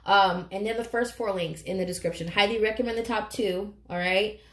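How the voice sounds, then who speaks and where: A woman's voice: medium pitch, fairly quick, fairly bright tone, echoey room. A woman giving a casual, emotional tarot reading to camera, choked up and swearing casually. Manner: chatty, emotional, swears casually, keeps saying "you guys". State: choked up, near tears. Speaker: tarot reader.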